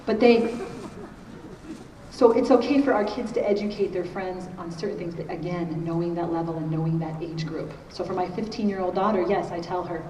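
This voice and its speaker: A woman's voice: on the low side, brisk, dark tone. Middle-aged woman lecturing in an echoey hall. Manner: conversational, keeps checking in with "okay?". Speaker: conference speaker on parenting. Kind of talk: conference talk. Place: large conference hall. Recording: echoey hall, distant mic, faint noise.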